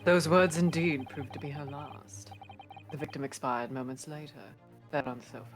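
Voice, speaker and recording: A woman voicing a stern, aristocratic male prosecutor in a casual game script read-through, in a slow, measured, formal reading. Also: low voice, fairly even intonation, close to an everyday voice. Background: background music.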